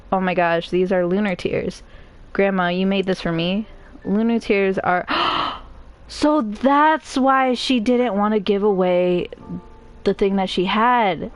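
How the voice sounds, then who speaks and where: A woman streamer reading a game's story aloud, breaking off for emotional, chatty reactions. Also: mid-range voice. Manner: emotional, chatty asides between narration.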